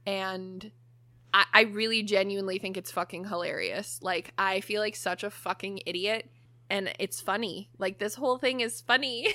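A young woman co-hosting a podcast tells a story in a lively, casual way, laughing often and swearing freely. Her voice is medium-pitched at a normal speed, with no room sound.

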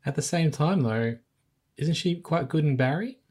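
An Australian woman co-hosting a podcast, measured and gently questioning in a casual film chat. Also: sits low, lively intonation, slightly rough. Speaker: podcast co-host.

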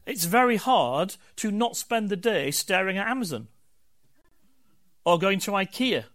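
An older man preaching a conversational sermon in a notably high voice. He speaks candidly, building his points in rhythmic, emphatic lists, as a pastor talking openly to his own congregation. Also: fairly bright tone.

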